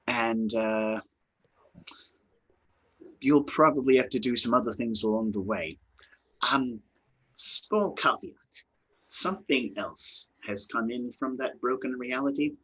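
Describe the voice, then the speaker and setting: A man narrating as game master of a tabletop game, explaining calmly and trailing off at times. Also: mid-range voice, husky, highs cut off. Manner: unhurried, explains in plain terms, trails off at times.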